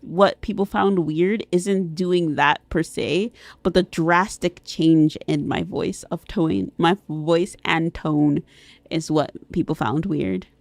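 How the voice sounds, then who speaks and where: Giggly streamer woman with vocal fry. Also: low-pitched, slow pace, no room sound. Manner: swings between squealing excitement and soft mumbling; giggly, reads chat aloud and answers it. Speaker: vtuber streamer. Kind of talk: casual live-stream chat.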